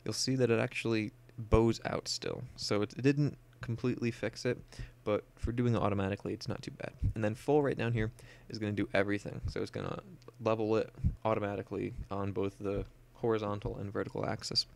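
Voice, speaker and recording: Gravelly low-voiced young man explaining software. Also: flat delivery, a little fast, hardly any pauses. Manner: casual, many "uh" and "um", explains step by step. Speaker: photo editing tutor. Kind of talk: screen-recorded software tutorial.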